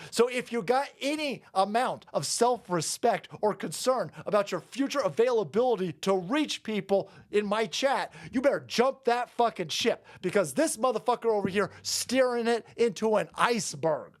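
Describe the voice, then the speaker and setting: Male streamer, profane rapid-fire rant, high animated voice. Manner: profane, rapid-fire, combative, laughing asides; talks fast. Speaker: political commentary streamer. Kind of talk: profane ranting commentary.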